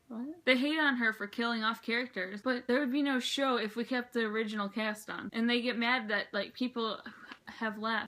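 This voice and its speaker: Teen girl vlogger, chatty and excitable, bright tone, a bit high. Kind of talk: casual chat.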